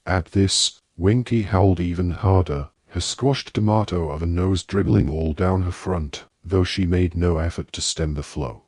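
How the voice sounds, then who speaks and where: A man narrating an audiobook in a steady storytelling manner. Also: deep voice, measured pace, hardly any pauses, husky, no room sound, studio quality. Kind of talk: scripted narration.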